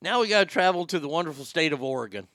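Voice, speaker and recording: Racing through crude news stories with sarcastic jokes, a man hosts a show of casual comedic news commentary. His voice is a little high and fairly bright, with lively intonation, and the recording is clean studio sound without echo.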